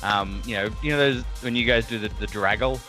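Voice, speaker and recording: An Australian man, a game developer, chatting casually in a relaxed, rambling way with many fillers. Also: mid-range voice, a little fast, faint music behind. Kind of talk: casual chat.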